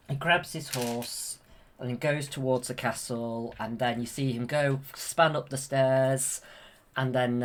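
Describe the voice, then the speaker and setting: A man's voice: mid-range voice, a little hiss or hum. A man eagerly retelling a film from memory, rambling with many ums and restarts, recorded on a handheld camera. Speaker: YouTube creator.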